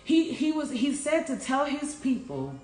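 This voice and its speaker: A woman's voice: high-pitched, sing-song, unhurried, a little mellow, reverberant. A woman life coach giving an earnest, preachy morning talk and calling her listeners y'all. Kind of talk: casual inspirational morning talk.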